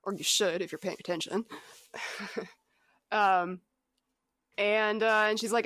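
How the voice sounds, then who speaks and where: A woman co-hosting a casual podcast chat, chatty and quick to laugh, who acts out lines as she retells scenes. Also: medium pitch, fairly even intonation, a bit bright, no room sound. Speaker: podcast co-host.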